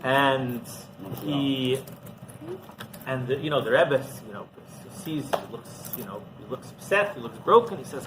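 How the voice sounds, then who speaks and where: A rabbi telling a story in a conversational sermon, halting and repeating himself as he goes. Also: mid-range voice, expressive. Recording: noisy background.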